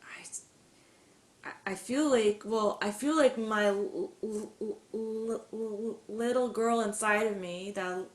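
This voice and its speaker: A woman's voice: mid-range voice, slow pace. A woman guest in a casual interview, speaking earnestly with frequent stuttered repetitions and blocks. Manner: earnest and emotional. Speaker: podcast guest, musician. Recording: echoey room with faint background noise.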